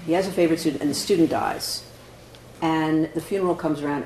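A Zen teacher gives a conversational dharma talk in a meditation hall, answering questions and often tossing in "right?" and "you know." His voice is a little high and a little mellow, with a steady tone and a quick pace. The hall is echoey, with faint background noise.

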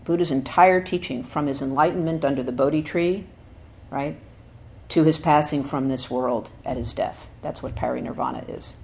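Low-voiced woman giving a dharma talk. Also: vocal fry, darkish tone. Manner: thoughtful, often checks in with "right?"; reads quotations slowly and with emphasis. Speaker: Zen teacher.

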